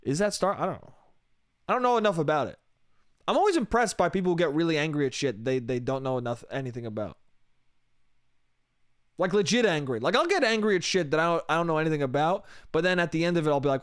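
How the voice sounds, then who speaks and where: Profane, rambling comedian with a clear voice. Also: male voice, fairly high pitch, expressive, fast talker, no echo, studio quality. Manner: profane, rambling, self-mocking. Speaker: podcast host and comedian. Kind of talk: casual comedic monologue.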